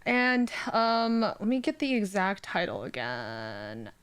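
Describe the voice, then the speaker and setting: A woman's voice: mid-range voice, sing-song, slow pace, crowd noise. A young adult woman co-hosting a podcast, talking in a casual, chatty way and muttering to herself now and then. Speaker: podcast co-host.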